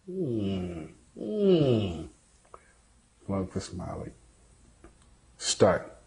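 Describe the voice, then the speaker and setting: Man, low voice, unhurried delivery; coach who explains drills, then goads and taunts a student. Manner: slow, measured explanation; taunting and goading. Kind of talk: demonstrating training drills.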